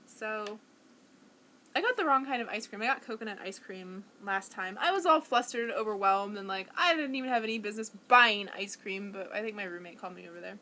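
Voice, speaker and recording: Here the young woman's voice is medium-pitched and sharp, running a little fast, with a slight hiss or hum in the audio. She's a vlogger talking to camera at home in a rambling, self-conscious monologue full of fillers and restarts.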